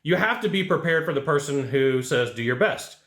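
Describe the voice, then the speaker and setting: A man coaching salespeople in an animated way, acting out his customers' lines as he goes. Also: a little high, fairly quick. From California. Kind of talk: energetic coaching monologue. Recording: roomy echo.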